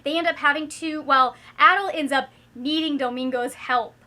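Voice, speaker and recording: High, bright chatty woman. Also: normal speed, a little hiss or hum. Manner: chatty and upbeat, with frequent "like" fillers. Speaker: book channel host. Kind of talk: casual book-list chat.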